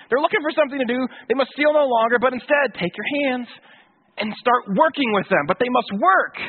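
A man's voice: extremely high pitch, slightly rough. A man preaching a sermon in a casual, conversational way, with slang and acted-out quotes. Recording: tinny phone-like sound.

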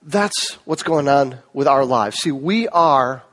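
A man pastor preaching a sermon in a conversational way, asking rhetorical questions and swinging between louder and softer passages. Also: medium pitch, lively intonation, takes it slowly.

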